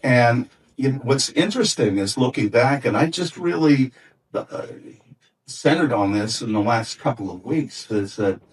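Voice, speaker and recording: A man's voice: mid-range voice, lively intonation, measured pace, breathy edge, recorded from a distance, poor audio. A man, a former record company executive, telling anecdotes in an interview, rambling with many fillers and restarts.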